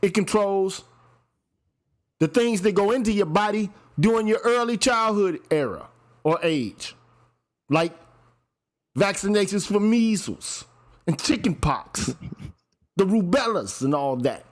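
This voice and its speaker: A man's voice: high-pitched, animated, unhurried, pauses often. A man hosting a casual commentary chat, talking in a profane, emphatic way and often repeating himself. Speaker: podcast host.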